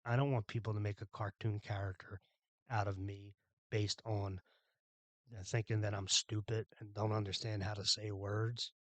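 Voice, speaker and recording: Man, podcast host, from Philadelphia, low-pitched, dry sound, blunt, exasperated, profane rant. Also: level tone, normal speed, no room sound, dull audio.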